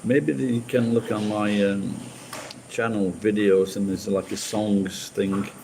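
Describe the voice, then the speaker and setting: A man's voice: lowish voice, steady tone, slow pace, creaky, background noise. A man from Sheffield with a Sheffield accent, chatting casually with viewers on a livestream and rambling with frequent restarts. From Sheffield, England. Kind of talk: casual chat.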